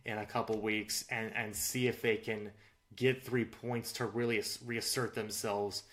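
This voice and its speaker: A man's voice: on the low side, level tone, a little slow, a bit bright. A man co-hosting a sports podcast, chatting casually about football results with lots of fillers and restarts. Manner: filler-heavy, restarts often. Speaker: podcast co-host.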